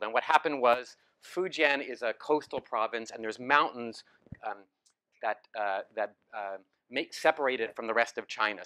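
A man's voice: medium pitch, bright, forceful tone. A man giving a lecture with slides, telling it as a story in a casual way, with many ums and restarts. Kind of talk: academic talk with slides. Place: lecture hall.

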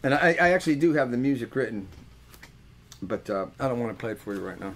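A man's voice: medium pitch, lively intonation, quick pace, a little hiss or hum. An older man, a musician hosting a webcast, telling rambling, joking, earthy stories between songs. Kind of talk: casual storytelling between songs.

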